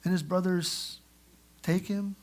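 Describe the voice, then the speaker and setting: A man preaching a sermon in church, telling the story in a lively way and acting out the characters. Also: high voice, slow. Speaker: pastor. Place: church sanctuary.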